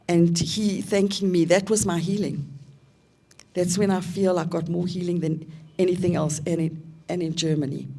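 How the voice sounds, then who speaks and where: A South African woman in her fifties, giving a reflective personal testimony as an invited seminar speaker, with pauses and fillers. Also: on the low side, dark tone.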